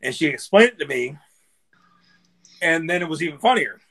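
A man's voice: fairly high pitch, animated, moderate pace, fairly bright tone, husky. A middle-aged man, a barbecue guest, telling loose stories in a casual live chat, swearing and laughing as he goes.

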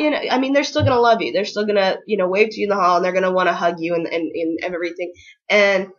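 A woman's voice: mid-range voice, quick pace, highs cut off. A young woman teacher giving casual, upbeat advice in a vlog, full of ums and likes. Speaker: ESL kindergarten teacher.

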